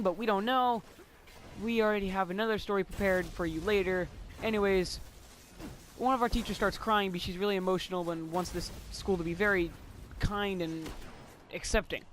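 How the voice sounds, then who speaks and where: A teenage boy tells a school story in loose, rambling chat. His voice sits high, and he giggles and curses casually as he goes. A faint hiss runs under the recording. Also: fairly bright tone. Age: teens.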